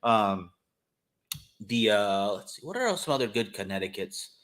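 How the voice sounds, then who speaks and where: A man's voice: lowish voice, sing-song, unhurried, fairly bright tone. Rambling, enthusiastic podcast co-host man. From California. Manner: rambling, enthusiastic, many fillers. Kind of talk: casual chat.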